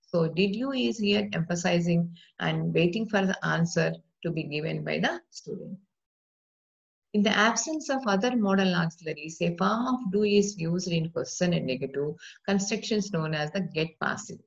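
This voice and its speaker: A woman teaching a grammar lecture, explaining patiently and reading example sentences aloud slowly. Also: fairly low pitch, lively intonation, vocal fry. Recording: dull lo-fi recording.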